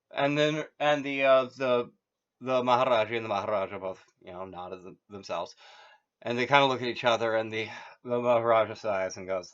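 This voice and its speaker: A man's voice: mid-range voice, normal speed, fairly bright tone. A man casually retelling a story, rambling with many fillers and restarts and chuckling at his own jokes. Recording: muffled lo-fi audio.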